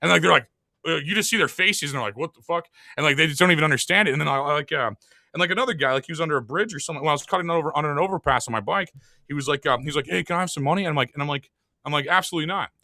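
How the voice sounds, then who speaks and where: Rapid-fire rambling male host. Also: on the high side, gravelly, pushed and bright, no room sound, studio quality. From lives in Saint Louis. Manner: rambling, profane, many filler words. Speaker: podcast host. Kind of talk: casual chat.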